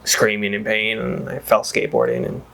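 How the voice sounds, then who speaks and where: Chatty gravelly-voiced man rambling. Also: fairly low pitch, level tone, normal speed, a bit bright, a little hiss or hum. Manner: rambling, chatty, wanders off on tangents; exclaims and swears freely. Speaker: whiskey reviewer. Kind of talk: casual tasting chat.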